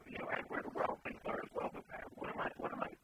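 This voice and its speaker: Guy on a podcast, stops and restarts a lot, loud hiss under everything. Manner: halting, many restarts and fillers. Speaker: podcast co-host. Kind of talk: casual chat about movie trailers. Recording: loud background noise.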